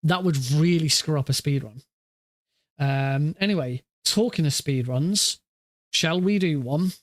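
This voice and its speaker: A man's voice: a little high, unhurried, dry recording, studio quality. A man streaming a speedrun who chats casually, thinks aloud and often restarts his sentences. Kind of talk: casual live-stream chat.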